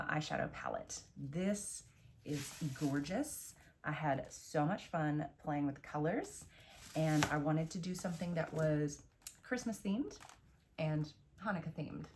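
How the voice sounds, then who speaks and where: A woman's voice: fairly low pitch, slight background noise. A woman hosting a makeup tutorial, chatty and enthusiastic, explaining each step as she goes. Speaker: beauty vlogger.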